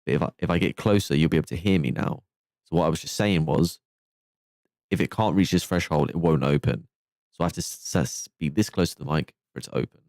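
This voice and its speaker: A man's voice: a bass voice, fast, darkish tone, no echo, clean studio sound. A man streaming casually, thinking aloud as he tests a new microphone and explains his settings step by step. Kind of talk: casual mic test chat. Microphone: new microphone, close up.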